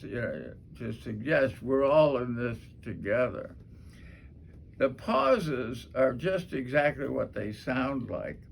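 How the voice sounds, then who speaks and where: Slow gravelly man coaching on speech, lots of pauses, faint room noise. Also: medium pitch. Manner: slow, measured, with long pauses and filler uhs. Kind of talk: casual teaching talk.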